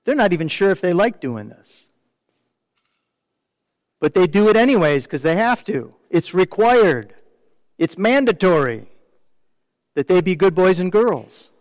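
A man preaching a sermon in a high voice, talking to the congregation conversationally and often asking them questions. His voice carries a long reverb from a big room, but the sound close to the mic is dry. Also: very animated, measured pace, long pauses. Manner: mimics complainers in quoted asides. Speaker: pastor.

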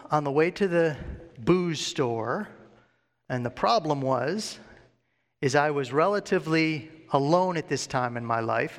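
A man preaching a sermon built on his own testimony, earnestly putting questions to his listeners and acting out his past thoughts. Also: a little high. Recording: long hall reverb.

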